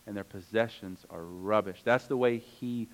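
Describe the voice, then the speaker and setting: A man's voice: fairly low pitch, normal speed, rough recording. A man preaching a sermon, earnest and conversational, reading scripture aloud and adding casual asides. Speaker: pastor.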